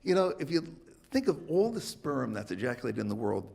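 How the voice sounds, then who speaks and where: A man's voice: mid-range voice, sing-song, a little fast, creaky, a crowd in the background. A man doing a stand-up set in a rambling way, with frequent fillers and restarts. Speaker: stand-up comic.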